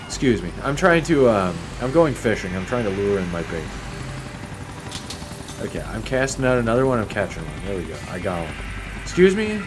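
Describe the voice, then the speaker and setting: A man's voice: on the low side, very animated, brisk, noisy background. A man giving casual gameplay commentary, sarcastic and mock-polite, swearing often as he plays. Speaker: gaming YouTuber.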